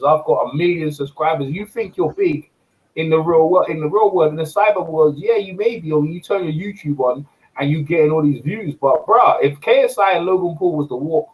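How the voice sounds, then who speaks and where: A high-pitched man hosting a lively boxing chat. He rants in an animated, repetitive way, stacking rhetorical questions as he talks. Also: normal speed, low-quality recording. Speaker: host. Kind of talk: casual boxing debate.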